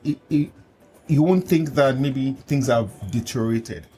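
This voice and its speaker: A man hosting a podcast, telling personal stories in an animated way, laughing often and acting out what people said to him. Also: mid-range voice, a little slow, slight background noise. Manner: animated storyteller, laughs often, acts out quotes. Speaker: podcast host and coach. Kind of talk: casual conversational chat.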